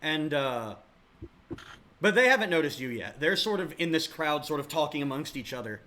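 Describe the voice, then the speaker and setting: A man's voice: a little high, big pitch swings, normal speed, sharp tone. A man narrating as game master in a casual, rambling way with many fillers.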